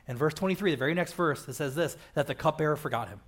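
High-voiced pastor, chatty and joking. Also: male voice, fast. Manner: chatty and joking, keeps asking "right?". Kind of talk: conversational sermon. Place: church auditorium.

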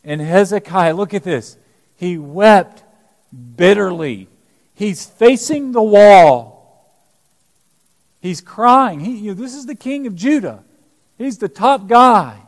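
A man's voice: high voice, lively intonation, measured pace, in a large hall. A man preaching a sermon as pastor, dramatically acting out the scripture he quotes.

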